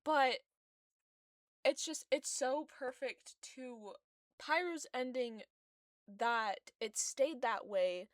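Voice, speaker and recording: A young woman streamer chats casually while drawing fan art, gushing emotionally with groans and squeals. Her high-pitched voice moves slowly with long pauses, in a dry, studio-quality recording.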